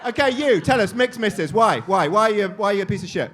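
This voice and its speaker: A man hosting a live comedy show, teasing the audience with crude, quick-witted crowd work. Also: high-pitched, animated, fairly bright tone. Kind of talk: crowd-work stand-up banter.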